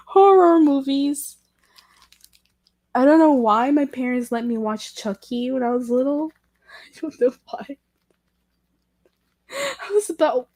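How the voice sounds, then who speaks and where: A woman hosting a casual livestream chat with viewers, talking in a halting way with many restarts and self-corrections, candid and self-deprecating. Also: a little high, dark tone, dry recording. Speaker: livestream host chatting with viewers.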